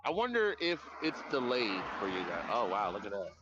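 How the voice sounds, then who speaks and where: A man live-streaming outdoors at night on his phone, chatting in a rambling, profane, animated way. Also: fairly low pitch, normal speed, highs cut off, over music. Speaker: livestreamer. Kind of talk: casual live-stream chat.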